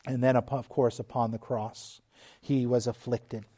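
A middle-aged man preaching a sermon, slow and emphatic, dropping suddenly to quiet, hushed lines. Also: mid-range voice, little pitch movement, husky. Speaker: pastor.

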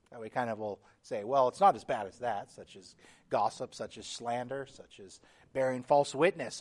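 A man preaching a sermon as pastor, earnest and emphatic, reading scripture aloud with feeling. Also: mid-range voice. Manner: earnest preaching, building emphasis with repeated phrases.

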